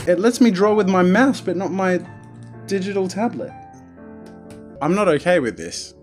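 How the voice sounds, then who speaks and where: An excitable young Australian man chatting through a live-streamed game. His voice sits a little high and leaps around, jumping into loud outbursts. Faint music plays under his talk. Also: moderate pace, pauses often. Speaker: streamer and artist. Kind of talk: live-streamed let's play.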